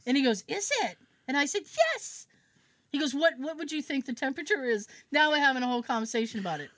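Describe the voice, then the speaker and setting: A woman's voice: high voice, fast, a bit bright, no echo. A woman co-hosting a podcast, chatting casually and acting out the dialogue in her stories. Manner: chatty, acts out dialogue in anecdotes. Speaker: podcast co-host. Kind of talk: casual chat.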